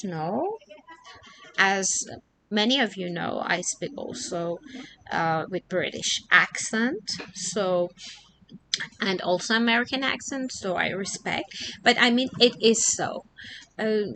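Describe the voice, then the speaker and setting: Chatty woman teacher, bright slow voice. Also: mid-range voice, slight background noise. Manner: chatty, repeats herself, many fillers. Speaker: English teacher. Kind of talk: casual teaching monologue.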